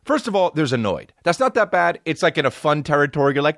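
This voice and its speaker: A man's voice: a little high, fast, hardly any pauses, dry recording, studio quality. A man hosting a podcast, telling a rambling comic story full of swearing and restarts. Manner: profane, animated, rambling storyteller. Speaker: podcast host. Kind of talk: comedic storytelling.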